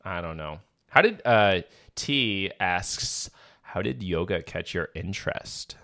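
A man's voice: deep voice, expressive, slow pace, vocal fry, sharp tone. A young man, a teacher, co-hosting a podcast with dry jokes and earnest explanations. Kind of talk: casual chat.

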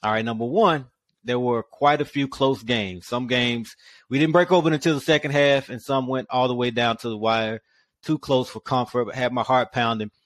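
Man, podcast host, lively, rhetorical questions, mid pitch, dry studio sound. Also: normal speed, no room sound. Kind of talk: casual sports podcast talk.

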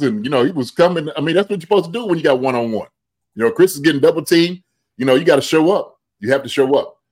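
A man talks through a game in a relaxed podcast chat, his voice sitting at an ordinary middle pitch. He slips into quoted voices that jump up in excitement, then settles back into easy analysis. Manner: animated, acts out quotes in raised voice. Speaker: podcast co-host, football analyst. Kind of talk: casual sports chat.

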